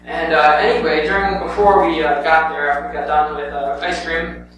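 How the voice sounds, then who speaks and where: A man's voice: fairly high pitch, level tone, normal speed. A young man presenting his church mission trip in a rambling, casual way, full of "um" and "anyway". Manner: rambling, with many "um" and "anyway" fillers. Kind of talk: casual spoken report to a congregation. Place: church sanctuary. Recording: very echoey church hall, heard from a distance, with a clear hum.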